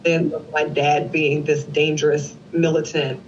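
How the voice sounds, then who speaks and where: A woman's voice: sits low, measured pace, a little hiss or hum. A woman in her forties, a guest in an interview, telling an emotional family story and acting out the dialogue of the people in it. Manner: animated storyteller who acts out quoted dialogue. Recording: slightly dull lo-fi recording.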